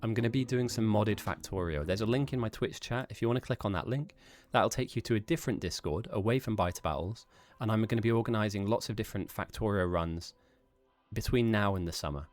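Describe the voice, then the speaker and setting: A man's voice: on the low side, fairly quick, no echo. Chatty man commentating a game. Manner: chatty, self-mocking, rambling asides to chat. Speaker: tournament commentator and streamer. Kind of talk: live esports commentary.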